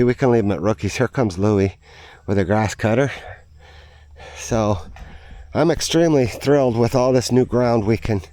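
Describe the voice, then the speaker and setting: A man's voice: lowish voice, a little mellow. A man walking his farm outdoors, rambling in an upbeat, sweary, casual vlog to a handheld camera. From United States. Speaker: vlogger, farm owner.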